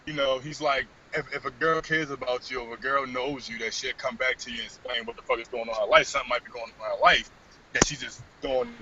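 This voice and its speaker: A man co-hosting a podcast, telling a story in casual chat, cursing freely and animated. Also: mid-range voice, fast talker, a little hiss or hum. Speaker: podcast co-host. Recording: dull lo-fi podcast recording.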